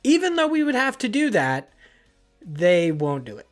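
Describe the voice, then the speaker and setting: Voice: mid-range voice, huge pitch swings, moderate pace, faint music behind. A podcast co-host in casual chat, rambling and swearing freely.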